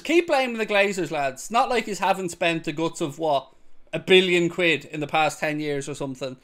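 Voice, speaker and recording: A young man reacting to football highlights, shifting from sarcastic mutters to loud whooping cheers. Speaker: football fan reaction host. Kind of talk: excited match-highlights reaction commentary.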